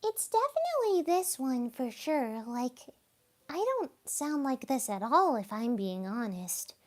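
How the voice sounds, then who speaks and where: A woman putting on a chirpy high girlish voice. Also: sing-song, a little slow, exaggerated voice. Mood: playful.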